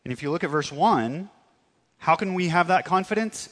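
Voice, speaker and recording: A man preaching a sermon earnestly, stressing words and dropping to soft tones for emphasis. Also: medium pitch, sing-song, normal speed, long reverb tail. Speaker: pastor.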